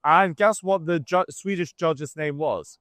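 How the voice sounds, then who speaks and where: A man's voice: a little high, unhurried, a bit bright, no room sound. A man from Britain, a guest on a livestream, talking in a rambling, casual way and laughing as he goes.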